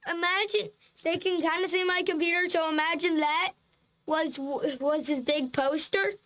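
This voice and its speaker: High, eager young female student. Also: fairly even intonation, measured pace, fairly bright tone. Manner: eager, chatty, jumps in. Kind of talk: casual chat in a home lesson.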